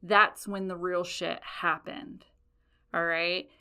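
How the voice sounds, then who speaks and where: A woman podcast host telling stories in a casual, rambling monologue, animated and profane, with frequent laughs. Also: fairly low pitch, takes it slowly, clean tone.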